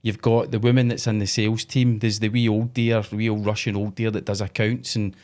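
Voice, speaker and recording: A man's voice: fairly low pitch, flat delivery, brisk, a little mellow. A man co-hosting a podcast in casual chat, teasing with dry jokes. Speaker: podcast co-host.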